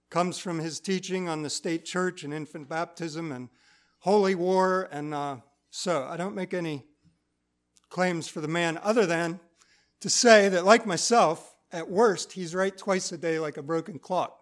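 A man's voice: high voice, a little slow. A man preaching a sermon in church. He reads scripture aloud and explains it in plain, conversational teaching.

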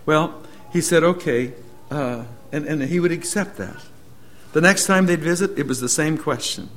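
A man preaching a sermon as an earnest storyteller, moving between loud emphasis and hushed, slowed lines. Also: fairly high pitch.

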